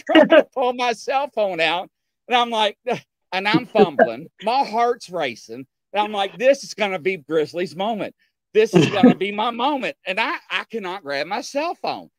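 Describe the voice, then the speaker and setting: A man's voice: high-pitched, no room sound. A man telling a story in casual chat, acting out dialogue and often checking in with his listeners. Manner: animated, acts out dialogue, keeps checking in with "okay?".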